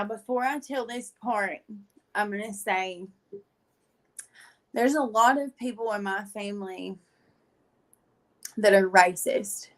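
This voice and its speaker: A woman, a guest on a talk show, telling her faith testimony in an animated, chatty way with many filler words and frequent laughs. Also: medium pitch, rough recording. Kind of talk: animated storytelling.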